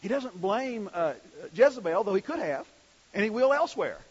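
Male preacher, high husky voice, conversational sermon, slightly dull lo-fi recording. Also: lively intonation, moderate pace. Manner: conversational, asks the congregation questions.

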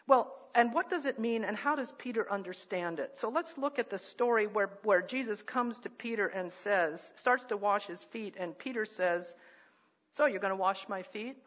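A woman's voice: mid-range voice, normal speed, lo-fi sound. A woman preaching a sermon in a thoughtful, conversational way, with fillers and restarts.

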